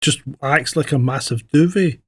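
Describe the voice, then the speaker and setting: Husky, blunt-talking male podcast host. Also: fairly high pitch, normal speed, dry recording, studio quality. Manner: blunt, swears freely, tells jokes. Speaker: host, retired police sergeant. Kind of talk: casual podcast chat.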